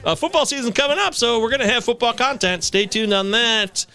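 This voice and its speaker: High-voiced, lively podcast guy. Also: brisk, clean tone. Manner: joking, brash, reads out chat comments. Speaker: podcast co-host. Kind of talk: casual podcast banter.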